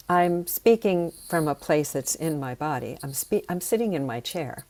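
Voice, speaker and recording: A woman teaching sound healing, leading slow, soothing breathing and voice exercises. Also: fairly low pitch, a little mellow.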